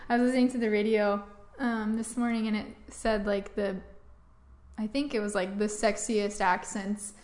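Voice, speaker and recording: A woman's voice: mid-range voice, level tone, moderate pace, a little mellow. A woman co-hosting a farm news talk show, reading news stories casually with fillers like um and like.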